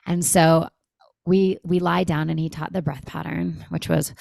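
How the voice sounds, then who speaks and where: A woman in her thirties telling a personal story as a podcast guest, animated, acting out quoted dialogue with lots of "like". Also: sits low, normal speed, vocal fry, no echo, studio quality. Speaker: guest, breathwork company founder. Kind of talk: conversational storytelling.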